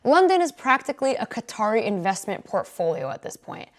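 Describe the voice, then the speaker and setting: A woman's voice: fairly high pitch, huge pitch swings. Sassy New woman host. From New York. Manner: sassy, quick, opinionated. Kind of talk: scripted commentary.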